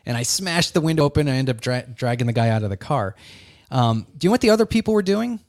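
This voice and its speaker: A man hosting a casual podcast chat, talking in an animated, halting way and repeating words. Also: medium pitch.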